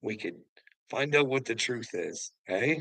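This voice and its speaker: Gravelly taunting man. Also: mid-range voice, lively intonation, a little slow, pushed and bright, dry recording, rough recording. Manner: taunting, preachy, swears, laughs mockingly. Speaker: channel host. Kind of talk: confrontational livestream rant.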